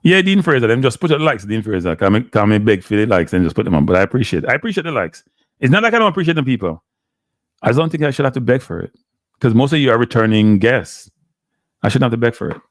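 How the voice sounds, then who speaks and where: A man's voice: mid-range voice, big pitch swings, fast talker, no room sound. A man with a Jamaican accent hosting a live stream, talking casually to his chat in a rambling, exasperated way and slipping into patois. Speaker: live show host.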